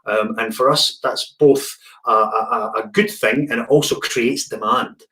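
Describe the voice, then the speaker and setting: Man, tasting host, chatty and halting, repeats words, mid-pitched voice, video call. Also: pushed and bright. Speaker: whisky distillery representative hosting a tasting. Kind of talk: online tasting presentation.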